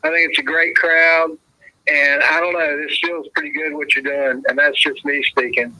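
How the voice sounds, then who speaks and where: A man from North Carolina, calling in to a show, earnest, supportive and a bit halting. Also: on the high side, flat delivery, pushed and bright. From North Carolina, USA. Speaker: caller. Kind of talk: casual phone call-in chat. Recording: dry, phone-like call line.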